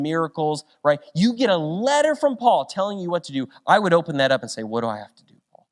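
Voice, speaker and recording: Animated young man preaching a sermon. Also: fairly high pitch. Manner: storytelling, quick shifts between loud and hushed. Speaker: pastor.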